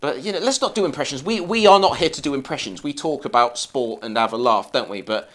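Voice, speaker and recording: A man co-hosting a casual football podcast with a bright, sharp voice. He rambles and chats in a lively, up-and-down way. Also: medium pitch, quick pace. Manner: chatty, rambling with car analogies. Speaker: podcast co-host.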